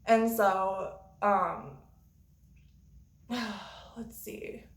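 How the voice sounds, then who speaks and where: A woman's voice: mid-range voice, drawn-out words. Profane, dramatic young woman in an echoey room. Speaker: vlogger. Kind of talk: storytime vlog.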